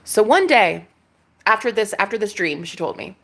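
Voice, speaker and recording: A woman vlogger telling a casual story, excitable and gushing, laughing often. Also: mid-range voice, moderate pace, gravelly. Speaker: tarot reader vlogger.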